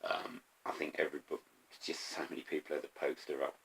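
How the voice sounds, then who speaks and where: A middle-aged man talking casually to camera about his favourite records, eager but halting, with many pauses and ums. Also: a bass voice, level tone, creaky, fairly bright tone, slightly rough. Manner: enthusiastic, halting with frequent ums. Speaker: vinyl record collector vlogger.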